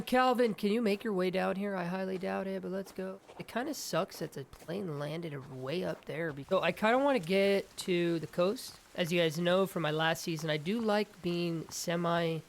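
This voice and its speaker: Young male gaming host, excitable let's-play chatter, slightly higher voice, faint background ambience. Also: gravelly, slight background noise. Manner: excitable, talks to his game companion. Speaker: gaming YouTuber.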